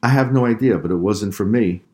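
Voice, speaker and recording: A man's voice: fairly low pitch, fairly quick, darkish tone, lightly acted. A man voicing an older brother boy who protests he is innocent. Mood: protesting. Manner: protesting, insistent. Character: older brother boy, indignant and falsely accused.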